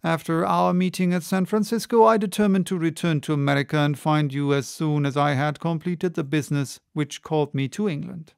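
A man reading a cool, polite English gentleman. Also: fairly high pitch, fairly quick, vocal fry, hardly any pauses, clean tone, dry recording, studio quality. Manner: calm, formal, precise.

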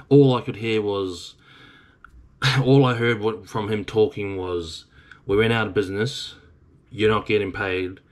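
A man's voice: sits low, a bit bright. A man in his thirties with an Australian accent, a truck driver casually telling a story in a blunt, rambling way with some swearing.

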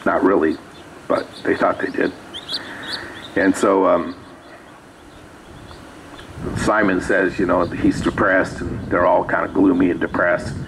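Low-voiced man preaching casually. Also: level tone, slow, vocal fry, long pauses, noisy background. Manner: conversational, reads scripture aloud with asides. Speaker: pastor. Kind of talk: sermon. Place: small church sanctuary.

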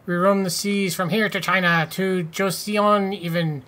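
A man voicing a boastful old pirate sailor in a video game, in a loud, gruff, halting voice. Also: high voice, steady tone.

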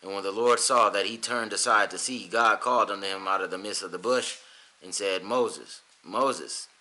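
A man reading scripture aloud in a steady, measured way, with an occasional slip. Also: lowish voice, rough recording. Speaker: scripture reader.

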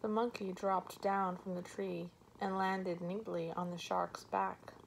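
Slow, gravelly woman reading a story. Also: mid-range voice, level tone, a little hiss or hum, poor audio. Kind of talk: read-aloud storybook narration.

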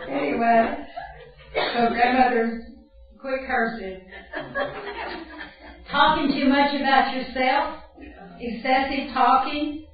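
An older woman with a fairly high voice, a Bible camp speaker, gives a folksy, chatty teaching talk mixed with personal stories, laughing at her own tales. She sounds distant in a very echoey hall, with dull, muffled audio.

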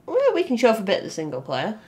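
Excitable woman playing a game, lively. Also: fairly high pitch, rapid-fire. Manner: excitable, giggly, teasing. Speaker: co-host of a gaming channel. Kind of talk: casual let's-play banter.

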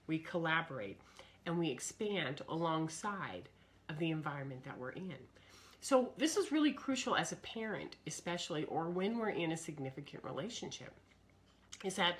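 A woman's voice: low voice, expressive, normal speed. A middle-aged woman speaking in a live broadcast, earnest and searching, who often repeats her key words. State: coughing fits, throat trouble. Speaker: speaker on personal growth. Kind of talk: live broadcast talk to viewers.

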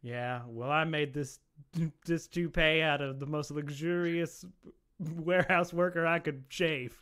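A man plays a shifty, self-serving billionaire who blusters and bargains. His voice is bright and sits a little high, in an online improv show. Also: steady tone, unhurried. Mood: bitter. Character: boastful, shifty billionaire businessman. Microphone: computer mic on a video call.

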